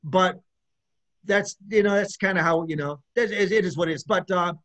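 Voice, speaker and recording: In a laid-back interview, a middle-aged guest musician talks at normal speed in a high, somewhat bright voice. He wanders through his thoughts with many restarts and laughs.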